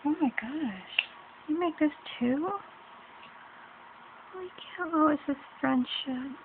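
Woman, middle-aged, gushing, exclamatory, casual home hallway vlog, tinny audio, steady hiss. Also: high-pitched, a little slow. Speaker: vlogger opening a craft swap package. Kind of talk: casual unboxing chat.

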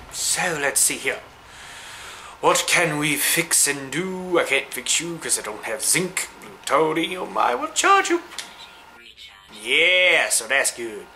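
A man giving chatty, excitable let's-play commentary, cooing at the creatures he meets. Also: mid-range voice, slight background noise, low-quality recording. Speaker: gamer.

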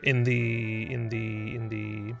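A man's voice: fairly low pitch, level tone, takes it slowly, gravelly, a bit bright, soft background music. A man with an Australian accent, streaming live as he codes, rambling and thinking aloud with frequent restarts. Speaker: streamer and game developer. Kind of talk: casual live-stream chat while coding.

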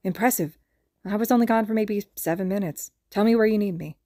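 Podfic: woman plays earnest young male medic, calm, kind, mid pitch, dry. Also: no echo, lightly acted. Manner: calm, kind, brisk with patients. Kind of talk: podfic character reading.

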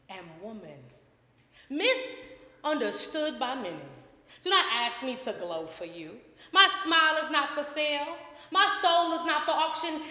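A woman delivers spoken word poetry with a bright, forceful edge and an unhurried pace. She moves dramatically between hushed lines and loud ones. Her voice rings out in a room with a long, echoing tail. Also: on the high side. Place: art gallery event before a live audience. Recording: echoey room with long reverb.

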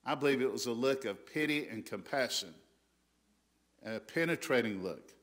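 A Southern American man preaches a sermon with a bright, ringing voice. He presses his points hard and often stops to restart a sentence. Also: mid-range voice, expressive, normal speed. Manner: emphatic, rising loud on quoted scripture, frequent restarts. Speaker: pastor.

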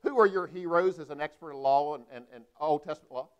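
A man's voice: on the high side, quick pace, clear, resonant tone, highs cut off. A man, a pastor preaching a sermon with emphatic delivery and frequent rhetorical questions. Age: 40s.

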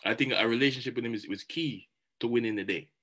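A man giving a motivational talk, animated and chatty, often repeating words as he goes. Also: medium pitch, fast talker. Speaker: motivational speaker.

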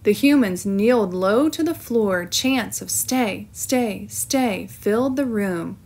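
A woman teacher reading a storybook aloud with clear, expressive narration. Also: medium pitch, a little slow.

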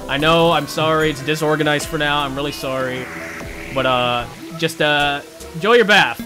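A man hosting a gaming channel, giving casual gameplay commentary in an excitable, flustered, self-mocking way as he talks to his viewers. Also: medium pitch, a little fast, music in the background.

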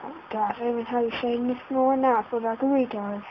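A woman's voice: a little high, fairly even intonation, fast, background noise. Flustered woman gamer, dull lo-fi audio. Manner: flustered, keeps exclaiming in panic. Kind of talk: casual let's-play commentary. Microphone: laptop setup. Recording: dull lo-fi home recording.

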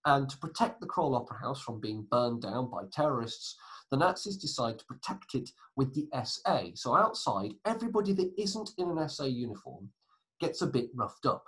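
A man's voice: mid-range voice, very animated, moderate pace, a bit bright, husky, low-quality recording. Chatty male history teacher. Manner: chatty, explains with asides and self-corrections. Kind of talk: recorded lesson.

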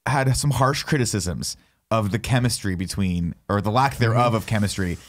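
A man's voice: fairly low pitch, normal speed, slight background noise. A man in a casual movie review chat, sharing enthusiastic opinions with frequent restarts. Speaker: podcast host.

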